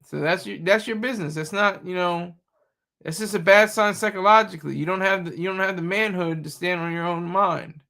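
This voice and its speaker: With a high, gravelly, sharp-toned voice, a man talks a little fast as he streams live. He fires back at chat and at news clips, mocking and combative, in loose, casual commentary.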